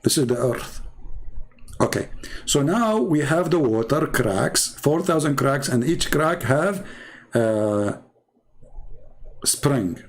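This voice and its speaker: A man's voice: medium pitch, expressive, slow, pauses often. A man speaking in mocking, sarcastic commentary in non-native English, drawing on screen as he talks.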